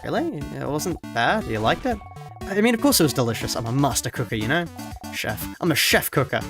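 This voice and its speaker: A man voicing an excitable child cook who brags loudly about his food, over game music. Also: medium pitch, fairly quick. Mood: boastful.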